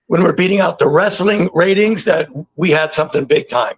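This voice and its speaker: A man in his sixties, a guest telling stories in a casual interview, animated and repeating words for emphasis. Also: on the high side, brisk, husky, dull audio. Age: 60s.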